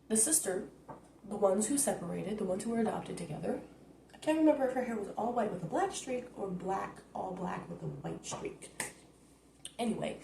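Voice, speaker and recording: A woman's voice: medium pitch, slight background noise. Woman vlogger, mid-range voice, rambling profane recap, echoey phone recording. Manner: blunt, profane, rambling, animated. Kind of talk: casual rant recap.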